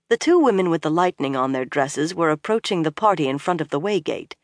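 A narrator reading a fantasy novel aloud in a steady, measured manner. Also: mid-range voice, no echo, studio quality. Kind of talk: audiobook narration.

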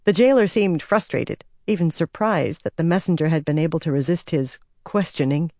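Dark-voiced woman audiobook narrator. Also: deep voice, moderate pace, few pauses, dry recording, studio quality. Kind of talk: scripted fantasy narration.

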